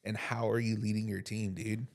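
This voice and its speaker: A man's voice: on the low side, level tone, moderate pace, gravelly, a little mellow. A man hosting a podcast interview in a laid-back way, calling his guest "dude" all the time. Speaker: podcast host. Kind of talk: casual interview chat.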